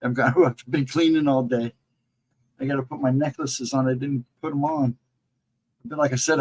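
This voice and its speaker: A man chatting on a livestream and greeting viewers by name, in a rambling casual way, his voice hoarse and cracking from laryngitis. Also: medium pitch, steady tone, moderate pace, darkish tone, low-quality recording. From central Ohio, United States. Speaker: livestream co-host.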